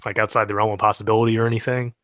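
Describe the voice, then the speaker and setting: A man's voice: on the low side, little pitch movement, rapid-fire, a bit bright, no room sound. A man in casual podcast chat, prompting his co-host with curious questions and short okays.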